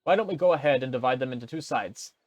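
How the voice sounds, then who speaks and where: A man's voice: mid-range voice, animated, fast talker, no echo, natural voice. A man putting on a jovial Italian quartermaster. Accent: attempted Italian. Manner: jovial, teasing, a little smug. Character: friendly, portly male Italian quartermaster.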